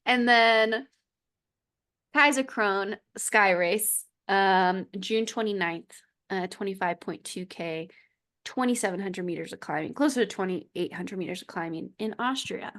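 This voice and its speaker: A woman's voice: mid-range voice, a little slow, fairly bright tone. A woman co-hosting a podcast in casual chat, chatty, with frequent laughs and fillers. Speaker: podcast co-host.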